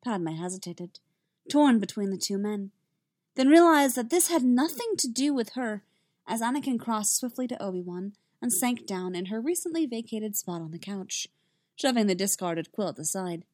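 Lady reading fiction out loud, calm steady narration, no room echo. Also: medium pitch, moderate pace, clean studio sound. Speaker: reader. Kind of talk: reading fan fiction aloud.

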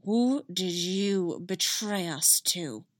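A woman voicing a cold, menacing female dark warrior, speaking slowly, low and quietly. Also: expressive, gravelly, no room sound, studio quality, heavily acted. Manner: slow, low, quiet and threatening.

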